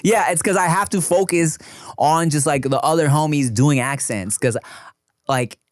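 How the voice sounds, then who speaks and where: A man co-hosting a casual podcast, relaxed and slangy, often laughing. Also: on the high side, normal speed, no echo, studio quality. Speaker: podcast co-host.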